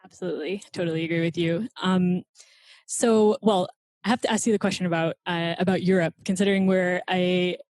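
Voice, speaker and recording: A woman's voice: lowish voice, fairly even intonation, a little fast, a little mellow, no room sound. A woman hosting an interview, agreeing readily and casually and sometimes searching for words with fillers. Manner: friendly, agreeing, hesitant with fillers. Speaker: interview host.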